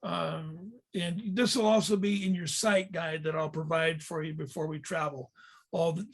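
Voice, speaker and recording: High-voiced man teaching with slides. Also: fairly even intonation, normal speed. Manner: explanatory, frequent fillers and restarts. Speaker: tour leader and teacher. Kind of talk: slide-based Bible history lesson.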